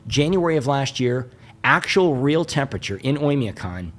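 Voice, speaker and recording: In a mid-range voice at a normal pace, an American man gives a comic storytelling talk as a motivational speaker. He jokes, stays animated, and keeps making asides to the crowd.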